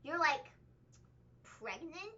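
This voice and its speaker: A woman's voice: high-pitched, big pitch swings, extremely slow, bright, forceful tone, full character voice. A woman doing a mocking impression of a confused male wrestler protesting an accusation. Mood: baffled. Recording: slightly dull lo-fi recording.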